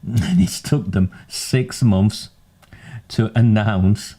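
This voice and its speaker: A man's voice: fairly low pitch, expressive, very slow, mellow, slightly rough. A man hosting a political commentary livestream, earnest and pointed with wry asides.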